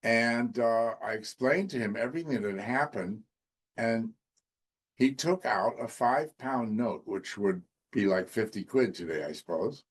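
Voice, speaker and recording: A man's voice: mid-range voice, unhurried. Man telling a comic anecdote. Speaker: comedy panelist. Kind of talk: comic storytelling.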